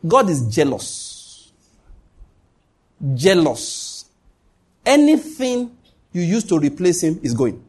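Preacher guy, husky voice sitting kinda high, hammers points home and cracks jokes. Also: sing-song, slow pace, pauses often, darkish tone. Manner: emphatic, repeats key lines, joking asides. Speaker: pastor. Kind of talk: sermon.

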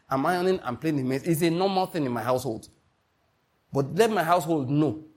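In this sermon, a man preaching as pastor speaks in a slightly rough, somewhat high voice. He stresses his points forcefully and asks the congregation questions, call-and-response fashion.

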